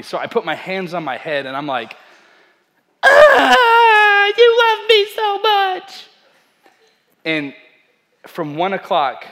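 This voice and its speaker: Young male pastor, fairly high voice, animated storytelling sermon with self-deprecating humor.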